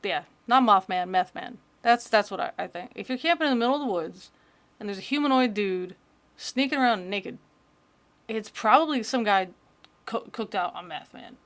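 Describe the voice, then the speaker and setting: A woman's voice: medium pitch, animated, normal speed, a bit bright. A woman streamer chatting casually and joking as she reacts to creepy videos. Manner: chatty, joking, rambling asides.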